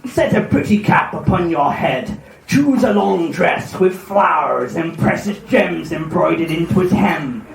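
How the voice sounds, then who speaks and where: A man doing a gruff pirate-voiced thunder god. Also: a little high, lively intonation, unhurried, far from the mic, pitched below the performer's own voice. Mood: blustery. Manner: growling pirate talk with arr and matey. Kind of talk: live comedic reading of a myth. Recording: echoey hall with live audience.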